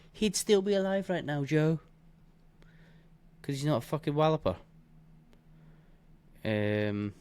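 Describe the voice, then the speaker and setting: A man walking through trading charts in a blunt, heavily profane and scornful way, punctuating points with bursts like boom and bish bash bosh. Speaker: trading educator. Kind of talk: live chart walkthrough.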